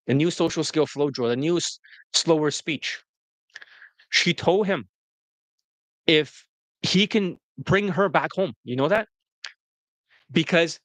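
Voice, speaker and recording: A man with a somewhat high voice tells crude dating stories in a blunt, rambling way. He swears often and restarts his sentences. The sound is dry and close, with no room echo. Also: a bit bright. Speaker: dating coach. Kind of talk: casual storytelling to an interviewer.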